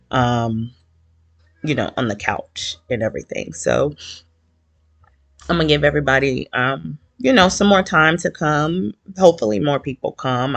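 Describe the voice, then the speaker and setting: A man's voice: mid-range voice, a bit bright, no echo. Nervous man with a shaky voice, ums a lot. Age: older adult. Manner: hesitant, many ums, says he is nervous. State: shaky voice from nerves. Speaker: host of a fan support livestream. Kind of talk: casual livestream talk. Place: at home on a couch.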